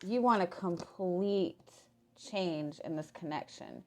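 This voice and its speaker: A woman with a lowish voice does a casual tarot reading despite being hoarse and losing her voice. She halts often, restarts her words, and fills pauses with "like."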